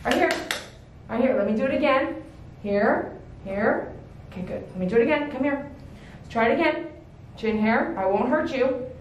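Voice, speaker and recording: A woman's voice: high voice, lively intonation, normal speed, pauses often, dull audio. A woman dog groomer teaching puppy handling in a hands-on demonstration, firm and coaxing, with short repeated commands and praise. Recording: echoey room with faint background noise.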